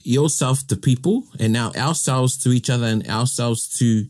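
A man from New Zealand with a New Zealand accent, co-hosting a casual bilingual chat in a playful, animated way. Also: mid-range voice, normal speed. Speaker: co-host.

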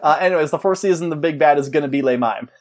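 A man's voice: on the high side, fast talker. A man co-hosting a podcast, chatting casually in a joking, rambling way and laughing often. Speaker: podcast co-host.

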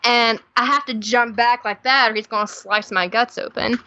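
A woman from Tennessee, speaking in a Southern drawl, shares lively stage stories with laughter while chatting casually as a podcast guest. She speaks at a normal speed in a voice on the high side, with lo-fi sound.

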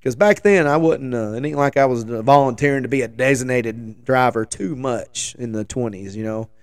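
A man in his forties with a hoarse voice after the flu, telling a rambling, joking story as a show host. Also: medium pitch, moderate pace, dry recording. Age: 40s. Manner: rambling, self-deprecating, joking asides. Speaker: podcast host. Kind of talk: casual storytelling chat.

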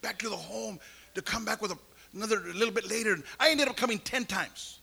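A man tells his testimony as a sermon, playing out each person in his story and climbing to shouts. His voice sits high and sounds gravelly. It also has a bright, husky edge. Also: quick pace. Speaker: preacher giving testimony.

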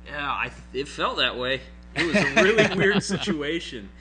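A man's voice: on the high side, animated, normal speed, loud music behind the voice. A man telling a story in casual chat, rambling and hesitant.

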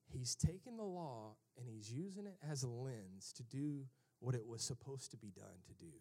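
A male pastor preaching a sermon, swinging from loud emphatic calls to hushed, almost whispered lines and acting out characters in mocking voices. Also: medium pitch, lively intonation, normal speed.

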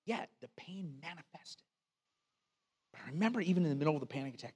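A male pastor preaching a sermon in a church, animated and conversational, with frequent asides to the congregation. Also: a little high, fast talker, husky, big-room sound.

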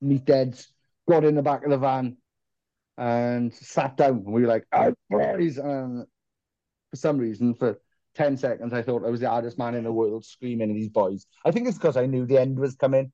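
A man's voice: medium pitch, steady tone, normal speed, warm tone, no echo, dull audio. Swearing Welsh-born man telling anecdotes. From Wales. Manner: swears freely, rambling anecdotes with mock quotes. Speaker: guest, band singer. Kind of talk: casual podcast chat.

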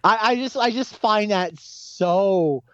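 A man's voice: sits high, takes it slowly, a bit bright, no echo, lo-fi sound. A man co-hosting a podcast in casual chat, speaking in a dry, hesitant way with many fillers. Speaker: podcast co-host.

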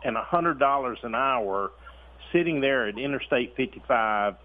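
A man's voice: medium pitch, moderate pace. Man telling a story over phone. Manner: steady storyteller, clears throat. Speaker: caller. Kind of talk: telling an anecdote on a call-in show. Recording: phone line with faint background noise.

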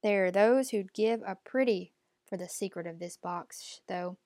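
A woman's voice: medium pitch, unhurried, darkish tone, no echo, clean studio sound, close to an everyday voice. A woman reading an audiobook, voicing a stern, cold, commanding old woman who speaks in clipped, imperious lines. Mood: appraising.

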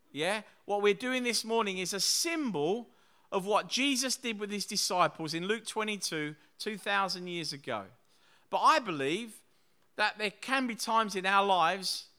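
A man's voice: high-pitched, pushed and bright, clear, resonant tone. A man preaching a sermon to his church, speaking conversationally with frequent tag questions, then leading a communion prayer. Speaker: pastor.

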